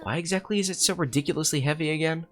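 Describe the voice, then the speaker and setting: A man's voice: a little high, very fast, over music, voice pushed up, close to an everyday voice. Man reading as an earnest teenage schoolgirl. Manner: plain read-aloud delivery.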